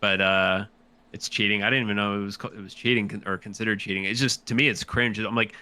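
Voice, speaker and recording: A man's voice: lowish voice, steady tone, fast, pushed and bright, smooth. A man chatting casually as a podcast guest, rambling and swearing as he restarts his sentences. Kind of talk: casual chat.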